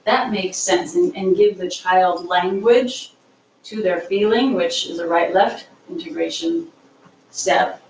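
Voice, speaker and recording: Slow and creaky, with a fairly low, darkish voice, a woman teaching about trauma-informed practice guides a class discussion and earnestly explains using everyday examples. She sounds distant in an echoey room, with slight background noise.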